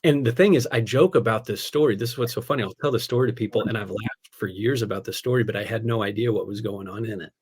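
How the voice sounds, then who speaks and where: A man, a pastor, telling a personal story in a casual podcast conversation, animated, laughing often and tossing in "man" and "dude". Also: on the low side, quick pace, hardly any pauses.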